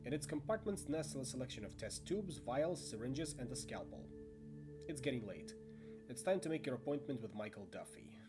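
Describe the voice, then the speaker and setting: A man narrates a tabletop horror game as game master, his pitch rising and falling with animation. He breaks off for chatty asides and trips over names. Music plays steadily underneath. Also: animated, a little fast.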